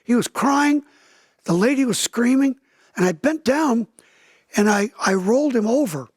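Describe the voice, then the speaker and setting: An extremely high-pitched man's voice with lively intonation moves unhurriedly through a dry, studio-quality recording. He's a pastor in his seventies giving interview testimony, telling a dramatic tale and voicing the quoted speakers loudly.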